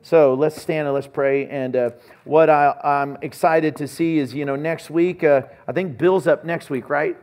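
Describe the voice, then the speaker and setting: A man's voice: on the high side, fairly even intonation, unhurried, few pauses, darkish tone. A man preaching a sermon as pastor, telling stories and acting out conversations. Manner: storytelling, acts out conversations.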